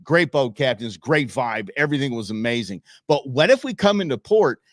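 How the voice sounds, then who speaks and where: Male host, excitable clip commentary, lively pitch, dry close sound. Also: normal speed, no room sound. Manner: excitable, laughing, exclaiming at the clips. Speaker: show host. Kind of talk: casual commentary on viral clips.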